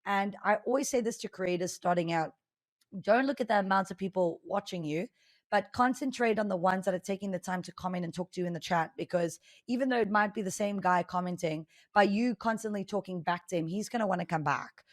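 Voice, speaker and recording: A young adult woman with a South African accent blended with Australian, a chatty, high-energy podcast guest talking about streaming. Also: quick pace, no room sound. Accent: South African mixed with Australian. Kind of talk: casual interview talk.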